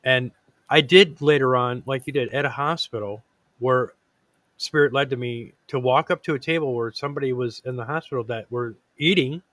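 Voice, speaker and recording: A man's voice: medium pitch, normal speed, fairly bright tone, no room sound. A man hosting a casual talk show, earnest and rambling, with lots of fillers and restarts. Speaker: podcast host. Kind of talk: casual chat.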